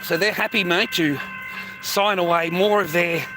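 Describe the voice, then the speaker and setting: A man's voice: high-pitched, normal speed, noisy background. A middle-aged man, rambling and swearing while livestreaming on a phone, tired and coughing. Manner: swearing, rambling, calls listeners mate. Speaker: live streamer. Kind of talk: rambling casual livestream chat.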